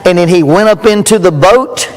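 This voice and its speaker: A man's voice: sits high, moderate pace. Folksy man preaching in a hall. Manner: folksy, joking, animated storytelling. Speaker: youth rally speaker. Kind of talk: storytelling sermon. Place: church hall. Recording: long hall reverb.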